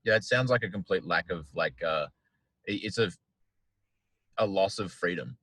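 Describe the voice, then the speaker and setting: A man's voice: low-pitched, normal speed, fairly bright tone, husky, dry recording. A man hosting a podcast, chatting casually and rambling with lots of "like". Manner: rambling, heavy use of "like". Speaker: podcast host. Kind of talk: casual chat. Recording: dull lo-fi, dry sound.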